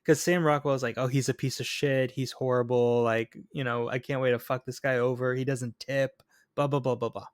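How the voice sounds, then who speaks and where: A man's voice: medium pitch, normal speed, hardly any pauses, clear, resonant tone, no room sound, studio quality. A man co-hosting a podcast, chatting casually about a film and acting out its lines. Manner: animated, acts out quotes from the film. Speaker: podcast co-host. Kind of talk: casual chat.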